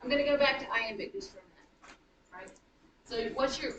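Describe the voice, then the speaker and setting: A woman teaching a high school writing class, chatty and self-correcting as she taps out rhythms aloud. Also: fairly quick, fairly bright tone, muffled recording. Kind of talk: classroom lecture. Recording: roomy classroom from a distance, faint noise.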